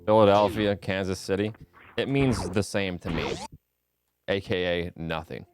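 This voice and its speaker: A man's voice: low-pitched, unhurried. A man around thirty, chatting offhand and joking with his viewers while streaming a speedrun. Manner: joking, offhand, answers chat between game moments. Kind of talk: casual live-stream chat. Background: game music.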